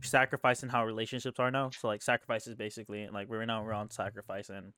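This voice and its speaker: A man's voice: lowish voice, little pitch movement, fast, bright, forceful tone, dry recording, studio quality. A young man co-hosting a casual podcast chat, rambling and filling his talk with "like". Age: young adult. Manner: rambling, heavy use of "like", laughs often. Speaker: podcast co-host.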